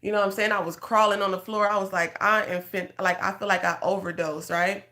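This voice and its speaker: A woman's voice: mid-range voice, fairly even intonation, a little fast, bright, forceful tone. A woman, a faith coach, telling an emotional personal testimony in an earnest, conversational way and talking straight to her listeners. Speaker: prophetic guidance coach.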